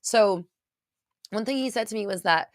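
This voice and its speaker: A woman's voice: mid-range voice, normal speed, dry recording, studio quality. A woman host talking casually to a live chat, rambling with many restarts and at times getting choked up. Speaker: podcast host.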